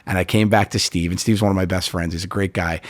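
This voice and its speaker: A middle-aged comedian guest in a casual podcast interview, animated and storytelling, quoting himself and others. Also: male voice, low voice, quick pace, dry recording. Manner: animated storyteller, quotes himself and others, frequent "like" and "you know".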